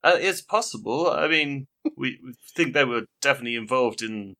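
A man's voice: mid-range voice, animated, normal speed, sharp tone. A man playing a tabletop game, talking in and out of character in a stammering, giggly way. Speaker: player. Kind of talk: tabletop role-play, in and out of character.

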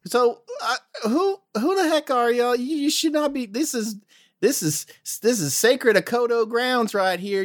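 A woman's voice: on the high side, voice pushed up. A woman voicing a brash, nosy male kitsune scout with a Southern accent, firing off questions in a tabletop game. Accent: American Southern. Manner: blustery, rapid-fire questioning.

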